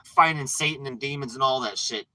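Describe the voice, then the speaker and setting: A man hosting a livestream, ranting and preaching with frequent swearing, dropping from low mutters to loud outbursts. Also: brisk, no echo, low-quality recording. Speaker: livestream host.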